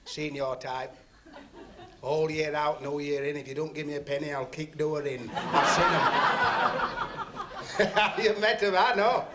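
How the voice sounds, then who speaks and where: A man's voice: fairly high pitch, unhurried, pauses often. A man doing club stand-up comedy, chatting and teasing the audience and laughing at his own jokes. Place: working men's club stage on TV. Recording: noisy 1970s TV recording, laughing club crowd.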